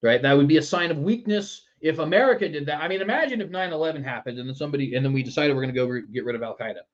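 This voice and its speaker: A man's voice: a little high, racing, dull audio. A man hosting a political commentary show in a sarcastic, mocking manner. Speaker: news commentary host.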